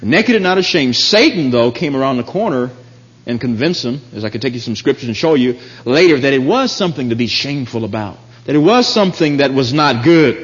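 A man preaching a sermon in an animated, emphatic way, his voice jumping up high when he gets excited. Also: moderate pace. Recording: dull lo-fi recording in a reverberant hall.

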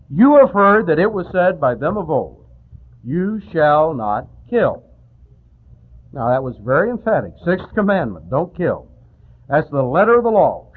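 Male preacher, conversational sermon, animated delivery, tinny lo-fi recording. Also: a little high. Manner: animated, conversational, acts out quotes. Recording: tinny phone-like old recording.

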